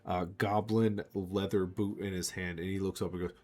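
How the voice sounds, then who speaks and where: A man narrating a tabletop game as game master, lively and slipping into character voices. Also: sits low. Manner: animated, jumps into character voices.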